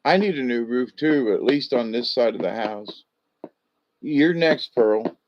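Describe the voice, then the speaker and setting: A man's voice: medium pitch, animated, unhurried, slight background noise. A man giving casual spiritual animal card readings in a drawling, folksy way, chuckling often, with a dull lo-fi sound.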